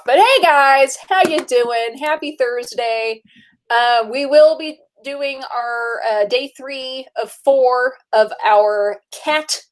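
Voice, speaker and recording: A woman's voice: a little high, poor audio. A woman hosting a casual chat about films, chatty and laughing often. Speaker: host.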